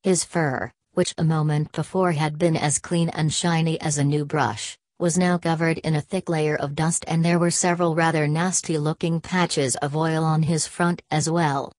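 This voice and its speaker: A woman reading a children's story aloud in a measured, expressive way. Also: deep voice, dry recording. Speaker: audiobook reader. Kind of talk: storybook narration.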